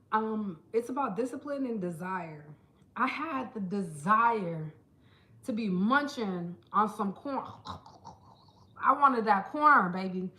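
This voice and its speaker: Bright, chatty woman vlogger. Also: on the high side. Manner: chatty, playful, talks to viewers as "girl" and "child". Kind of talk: casual chat to camera. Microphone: small handheld camera.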